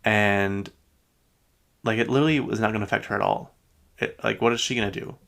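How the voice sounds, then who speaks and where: A man's voice: fairly low pitch, steady tone, fairly quick, creaky, fairly bright tone. A man hosting a pop-culture podcast, chatting in a rambling, opinionated way with lots of fillers and restarts. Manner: rambling, heavy use of "like" and restarts; opinionated, mildly exasperated. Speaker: podcast host. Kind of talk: casual pop-culture chat.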